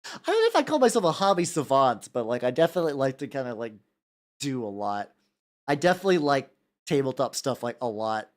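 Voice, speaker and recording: Animated hobby streamer, loose profane chatter, pitch swings widely between greetings. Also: fast. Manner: rambling, profane, repeats greetings to chat. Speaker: miniature-painting streamer. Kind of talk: casual livestream chat while painting.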